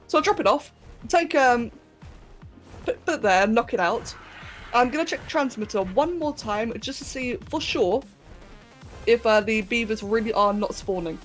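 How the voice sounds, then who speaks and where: A young British woman rambles cheerfully to her live chat as she plays, giggling often and talking in a slightly high voice. Her throat sounds a bit sore, and faint game music sits behind her. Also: expressive, moderate pace. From Britain. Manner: chatty, giggly, talks to chat. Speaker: streamer. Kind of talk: casual live-stream chat while gaming.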